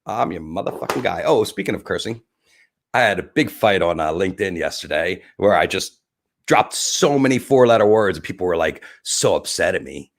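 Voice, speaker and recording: A man hosting a live stream, rambling through election numbers with profane jokes and thinking out loud. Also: sits low, lively intonation, moderate pace, creaky. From New Jersey. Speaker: livestream host. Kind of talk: casual election commentary.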